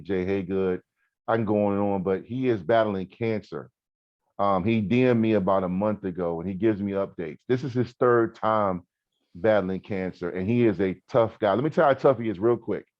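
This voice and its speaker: Man, 40s podcast co-host; low voice, animated emphatic storyteller, dull dry lo-fi sound. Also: no echo. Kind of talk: casual podcast chat.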